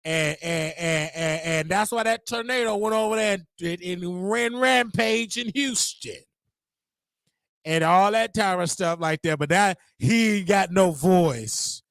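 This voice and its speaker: A man's voice: high-pitched, unhurried, creaky, a bit bright, dry recording, studio quality. A man hosting a casual livestream, talking to his chat in a rambling, repetitive way with preacher-like call-outs. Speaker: livestream host.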